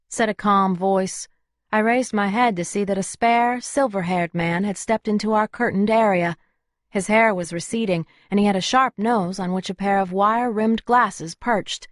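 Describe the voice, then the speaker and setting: A woman's voice: medium pitch, steady tone, moderate pace, dry recording, studio quality. A woman narrating a first-person audiobook in a wry, conversational way.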